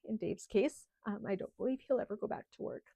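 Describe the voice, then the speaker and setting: Gravelly-voiced woman, close to tears. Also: mid-range voice, warm tone, no room sound. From Canada. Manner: heartfelt, halting, with many ums. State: holding back tears. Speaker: channel host. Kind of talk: casual livestream chat.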